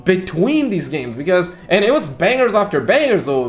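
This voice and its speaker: A young man giving casual, excitable reaction commentary on gaming news, full of slang and mock outrage. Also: high-pitched, moderate pace, soft background music.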